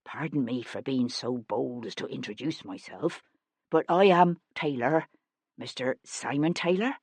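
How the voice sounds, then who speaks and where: Woman playing a shy fumbling young gentleman, soft and hesitant, low voice, dry close sound. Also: lively intonation, normal speed, dry recording. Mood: meek. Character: timid awkward young gentleman in disguise. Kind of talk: audiobook character voice.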